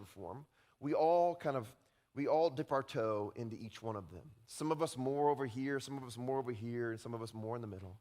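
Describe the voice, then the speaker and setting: A man preaching a sermon as pastor, speaking in a conversational, animated way and often checking in with the congregation. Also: medium pitch. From Utah. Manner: conversational, animated, often tags lines with "right?".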